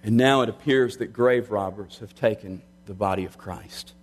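A middle-aged man preaching a sermon with earnest delivery, slowing down and dropping quiet on key lines. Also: on the low side. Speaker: pastor.

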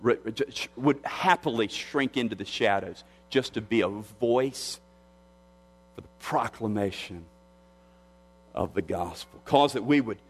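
A male pastor preaching a sermon with emphasis, repeating phrases and lifting his pitch on key words. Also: unhurried, husky. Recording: long hall reverb.

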